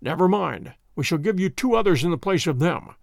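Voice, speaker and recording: A man doing a calm, wry detective. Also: on the high side, dry recording, studio quality. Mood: commanding. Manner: measured, crisp, quietly amused.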